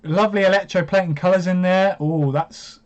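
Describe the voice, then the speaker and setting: Male streamer, slightly high voice, rambling commentary with excited outbursts, dull lo-fi audio. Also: fairly quick. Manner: chatty, hesitant, bursts into excited reactions. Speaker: live stream host. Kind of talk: live watch-along commentary.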